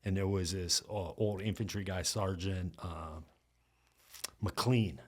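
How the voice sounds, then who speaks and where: A middle-aged man with a low, deep voice tells stories in a relaxed podcast chat. He talks casually and slips into the voices of the people he is quoting. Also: takes it slowly, husky. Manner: animated storyteller acting out quotes. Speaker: podcast guest. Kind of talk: casual storytelling.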